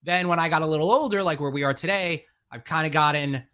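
A man's voice: a little high, fast talker, pushed and bright, clear, resonant tone. A man co-hosting a casual podcast, easygoing and asking his partner questions. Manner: easygoing, asks questions, laughs easily. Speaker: podcast co-host. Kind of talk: casual chat.

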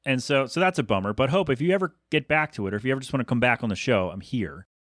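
Male podcast host, thirties, rapid rambling delivery, dry close mic, mid pitch. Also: lively intonation, fairly bright tone, no room sound. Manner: fast, self-interrupting, chatty. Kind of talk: rambling solo podcast monologue.

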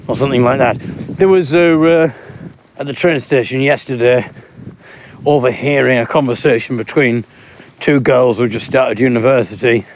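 A man, a stand-up comedian recording a casual spoken blog while walking outside, rambling with dry, self-mocking humour. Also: medium pitch. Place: outdoors on an urban street with traffic. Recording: street noise behind a mobile recording.

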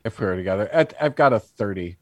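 A man's voice: on the low side, animated, fast talker, muffled recording. A man playing a tabletop game, laid-back and joking. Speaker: player. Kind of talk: casual tabletop chat.

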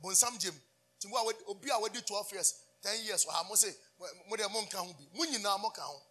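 A man's voice: high voice, fast, pushed and bright, slightly rough, soft background music. A man preaching a fervent sermon, asking the congregation call-and-response questions and switching between English and Twi. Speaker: pastor.

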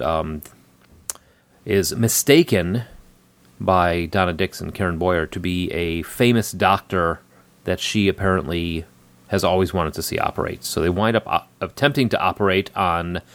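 A man's voice: deep voice, a little slow, dry recording. A man hosting a casual chat, recapping a film with many ums and frequent laughter.

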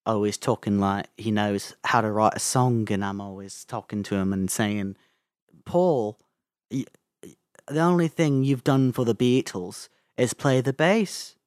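A man doing a slow, nasal impression of a famous 1960s rock singer. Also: on the low side, no room sound, studio quality, voice pushed down, natural voice. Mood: joking.

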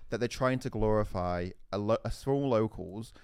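A man's voice: fairly low pitch, moderate pace, darkish tone, clear, resonant tone, dry recording, studio quality. A man co-hosting a gaming podcast, explaining things emphatically in casual chat. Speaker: podcast co-host.

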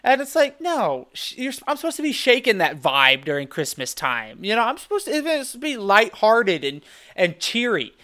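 Animated guy ranting on a podcast, smooth clear voice, keeps restarting. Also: high-pitched, normal speed. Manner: rambling, animated, lots of "dude" and restarts. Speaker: podcast co-host. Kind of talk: casual chat.

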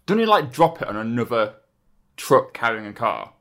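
A man co-hosting a casual film chat, agreeable and quick to confirm with short replies. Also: mid-range voice, sing-song, fairly bright tone. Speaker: podcast co-host.

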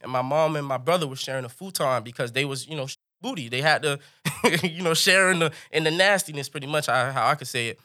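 A man telling a comic story in an animated way, jumping high in pitch for punchlines. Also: fast.

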